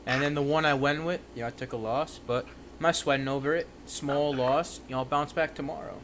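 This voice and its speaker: A man's voice: on the high side, a little fast. A young man hosting a day-trading livestream, chatting loosely and leaning on "you know" fillers. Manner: relaxed, filler-heavy, lots of "you know". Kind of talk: casual chat. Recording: faint background noise.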